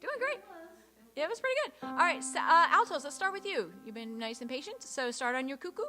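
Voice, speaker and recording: High-voiced woman leading a choir rehearsal. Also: animated, brisk. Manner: counts beats aloud and sings parts to demonstrate; encouraging, patient. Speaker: choir director. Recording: rehearsal room with piano behind.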